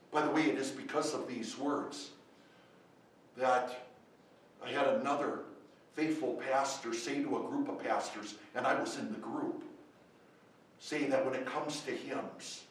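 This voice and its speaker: A male pastor preaching a sermon, swinging between loud emphatic questions and quiet, low asides. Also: unhurried, pauses often. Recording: very echoey church from far off.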